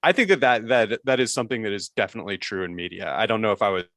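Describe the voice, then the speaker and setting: A man's voice: fairly low pitch, rapid-fire, a bit bright, no echo, studio quality. A man chatting on a podcast, thoughtful and hedging as he talks it through. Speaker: podcast guest. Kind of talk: casual chat.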